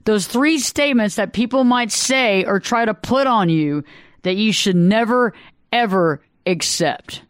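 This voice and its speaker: Talk radio host, smooth clear voice, dry studio sound, earnest storytelling. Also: medium pitch, measured pace, fairly bright tone, no room sound. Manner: earnest, storytelling, repeats phrases for emphasis. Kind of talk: solo talk radio monologue. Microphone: studio microphone.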